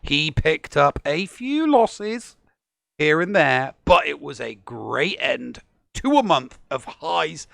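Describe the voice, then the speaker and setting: A man's voice: fairly high pitch, sing-song, takes it slowly, gravelly, bright, forceful tone, dry recording, studio quality. A man with an English accent co-hosting a casual game-stats show, reading player summaries playfully with a slightly sore throat. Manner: playful, joking, reads summaries. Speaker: co-host.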